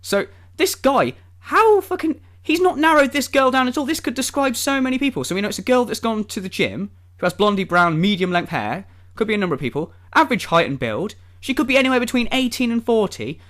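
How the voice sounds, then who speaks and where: A man's voice: very high voice, sing-song, brisk, fairly bright tone. A man ranting in a vlog, sarcastic and exasperated, swearing often. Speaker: vlogger.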